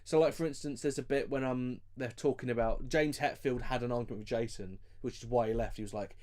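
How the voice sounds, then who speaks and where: A man's voice: medium pitch, fairly even intonation, a little fast, hardly any pauses, darkish tone. A man co-hosting a podcast in casual chat, swearing freely and laughing often. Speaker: podcast co-host.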